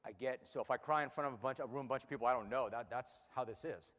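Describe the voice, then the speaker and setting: A man in his fifties speaking emotionally to an audience about losing his racehorse, halting and repeating words when upset. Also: mid-range voice, a bit bright, big-room sound. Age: 50s. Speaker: racehorse owner and radio host. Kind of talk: emotional personal speech to an audience. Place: room with a live audience.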